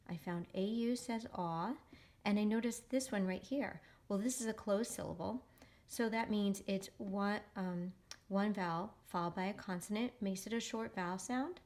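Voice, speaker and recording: Teacher lady walking kids thru phonics, slow careful sounding out, mid pitch. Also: darkish tone. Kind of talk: phonics lesson for children.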